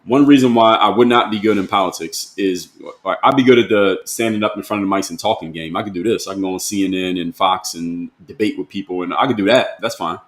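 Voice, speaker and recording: A man's voice: low-pitched, fast talker, hardly any pauses, fairly bright tone, roomy sound. A man giving a blunt, emphatic monologue to camera as a motivational speaker, in casual slangy talk.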